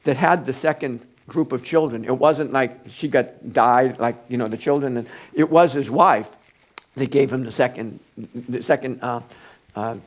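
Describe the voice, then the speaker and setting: An older man preaching an informal Bible study, halting and rambling with many restarts. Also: mid-range voice.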